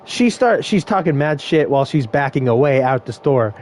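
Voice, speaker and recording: A man's voice: medium pitch, lively intonation, moderate pace, darkish tone, a little hiss or hum. A young man casually telling a story from work, rambling, swearing and laughing often.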